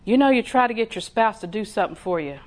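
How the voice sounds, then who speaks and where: A fast-talking woman with a medium-pitched voice preaches conversationally, spinning homespun stories. Animated throughout, she slips in laughing asides, voices other characters and drops to a whisper for emphasis.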